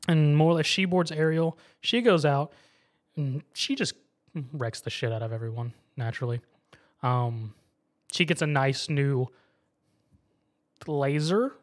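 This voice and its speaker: Animated man retelling a story. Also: a little high, measured pace, long pauses. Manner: animated storytelling, acts out characters' lines. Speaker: podcast host recapping an anime episode. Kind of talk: casual chat.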